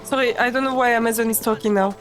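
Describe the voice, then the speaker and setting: A woman's voice: fairly high pitch, steady tone, fast, loud music behind the voice. A woman giving nervous, chatty commentary while playing a video game. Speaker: gaming streamer. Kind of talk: let's-play commentary.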